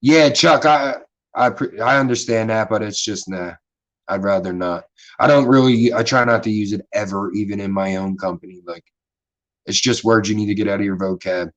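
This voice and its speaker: A man's voice: lowish voice, normal speed, low-quality recording. A man with a Philadelphia accent hosting a casual livestream chat, rambling and swearing freely in a laid-back way. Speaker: livestream host.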